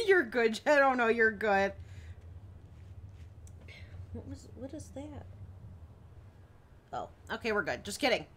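A woman's voice: fairly high pitch, sing-song, takes it slowly, pauses often, fairly bright tone, a little hiss or hum. A young woman streaming a horror game, chatting with viewers and yelping at the scares. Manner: jumpy, chatty, talks to viewers and yelps at scares. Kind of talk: live gameplay commentary.

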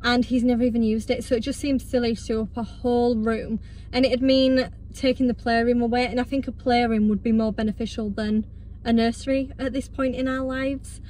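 A woman's voice: on the high side, level tone, brisk, mellow, a little hiss or hum. A pregnant woman chatting casually to camera at home, gushing and cooing to her toddler. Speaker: vlogger and mother.

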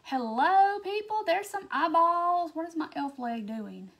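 Southern woman, high voice, bubbly, greets viewers one by one, casual craft live stream. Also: animated, unhurried, a bit bright. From Mississippi, US. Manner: bubbly, greets viewers by name, frequent "um"s and laughs.

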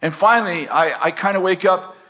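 A man's voice: high-pitched, brisk, sharp tone. Chatty man telling a story from the pulpit. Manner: conversational, rambling, self-deprecating humor. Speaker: pastor. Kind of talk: storytelling sermon to a live audience. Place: campus teaching session.

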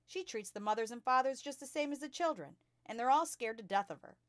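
A woman voicing a blunt older schoolgirl who speaks low and hushed. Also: expressive, fairly quick. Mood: knowing hush.

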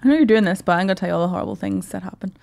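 A woman's voice: mid-range voice, racing, gravelly, darkish tone, no echo, studio quality. A woman, a podcast guest, chatting and sounding squeamish and exasperated. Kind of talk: casual comedic chat.

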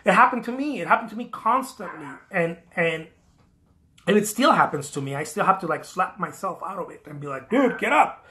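A man's voice: high-pitched, fairly quick, bright, forceful tone. A man, an artist, giving emphatic motivational career advice to camera, often repeating key phrases.

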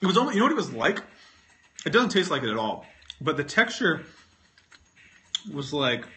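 Man on a phone livestream, rambling casual chat, chewing while talking, swears a lot, bright forceful voice, fairly high. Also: very animated, moderate pace. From North Carolina, US. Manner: rambling, self-mocking, swears freely, talks with food in mouth.

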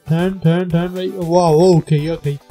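A gamer giving casual gameplay commentary, self-mocking and laughing, squealing high when surprised and scatting beatbox sounds. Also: steady tone, takes it slowly, dark tone, faint music behind. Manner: scats beatbox sounds along with the game. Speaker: gamer and channel host.

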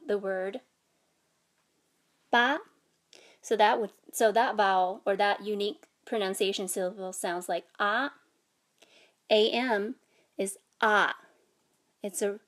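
A woman teaching a language lesson, patiently explaining and sounding out vowels and tones. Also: medium pitch. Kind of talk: instructional explanation.

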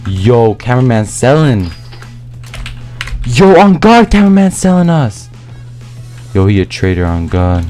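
A young man commenting on his own gameplay, talking in slangy, excitable, rambling trash talk. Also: mid-range voice, unhurried, pauses often, soft background music. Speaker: gaming YouTuber.

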